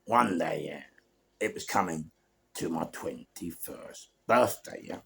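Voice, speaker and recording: A man's voice: sits low, animated, a little slow, gravelly, fairly bright tone, slightly rough. A man with a London accent telling stories casually, with street slang, swearing, and frequent "yeah?" check-ins. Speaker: storyteller guest. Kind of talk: casual storytelling.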